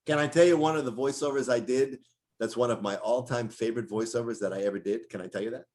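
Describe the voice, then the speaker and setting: This middle-aged voice actor talks quickly in a mid-range voice while telling stories in a casual interview. His storytelling is animated, and he keeps breaking into character voices.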